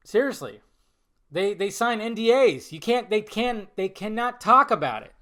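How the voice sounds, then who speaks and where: A young man hosting a casual solo podcast, swearing freely and swinging between low mumbled asides and loud, exasperated outbursts. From Southern California. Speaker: podcast host.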